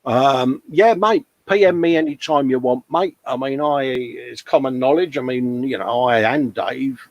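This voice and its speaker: A man's voice: mid-range voice, a little slow, no room sound. A man hosting a live modelling show, chatting casually, reading out viewer comments and calling everyone mate. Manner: chatty, matey, laughs often.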